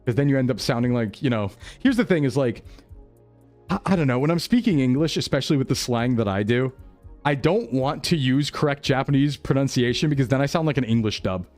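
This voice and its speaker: A man's voice: medium pitch, animated, a little fast, darkish tone. A young man streaming a geography game, chatting casually with his viewers, joking and laughing often. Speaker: VTuber streamer. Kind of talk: casual livestream chat while playing. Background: faint background music.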